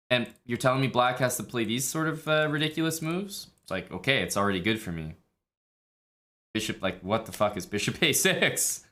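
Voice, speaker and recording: A man talks through chess moves on a live stream in a loose, blunt way, swearing freely and voicing his own inner questions. His voice is bright and forceful at a middle pitch. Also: animated, moderate pace.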